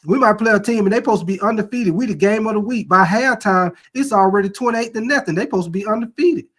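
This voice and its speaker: Middle-aged guy with a high voice, sports show host, loose and cussing, laughs at his own stories, reads chat comments. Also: quick pace, fairly bright tone. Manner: loose, joking, reads viewer comments aloud. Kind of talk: casual live-stream sports talk.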